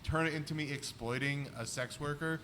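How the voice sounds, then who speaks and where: A comedian on a podcast spins a long, rambling story, leaning on "like" as he goes. His voice is bright and forward. A faint hiss of noise sits underneath. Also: a little high, steady tone, fairly quick. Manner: rambling anecdotes full of "like". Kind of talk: casual chat, storytelling.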